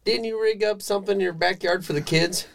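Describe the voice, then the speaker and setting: Chuckling man with a slightly high voice. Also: steady tone, fairly quick, vocal fry, a bit bright. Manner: chuckling, prompting the other host with questions. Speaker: podcast co-host. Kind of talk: casual chat.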